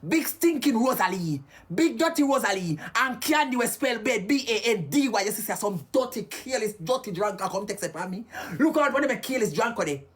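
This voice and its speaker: A woman's voice: on the high side, lively intonation, brisk, few pauses, slightly rough. A Jamaican woman ranting heatedly and cursing on a live stream.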